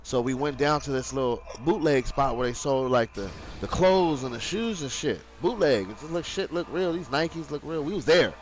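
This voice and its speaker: A man's voice: mid-range voice, expressive, moderate pace, few pauses, slight background noise, rough recording. A young man streaming live, telling a rambling story in casual, profane slang.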